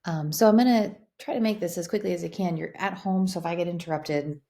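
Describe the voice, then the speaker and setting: A woman teacher giving a quick, chatty recorded science lesson, with lots of ums and likes. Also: fairly low pitch, warm tone.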